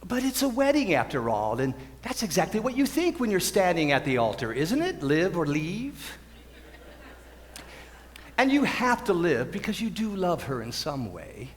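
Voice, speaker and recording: A man's voice: high-pitched, huge pitch swings, moderate pace. A young man playing a wistful musical fan who talks to the audience in a rambling, confiding way, recorded in an auditorium. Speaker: student actor. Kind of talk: stage musical performance. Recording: echoey auditorium, distant mic.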